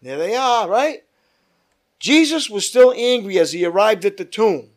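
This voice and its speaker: A man leading a Bible study as pastor, reading scripture aloud with emphatic rises and dropping to quiet asides. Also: high-pitched, expressive, measured pace.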